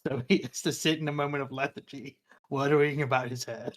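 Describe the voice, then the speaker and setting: A man's voice: mid-range voice, fairly even intonation, fairly quick. Guy player, average voice, plain matter-of-fact delivery. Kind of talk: playing a tabletop game.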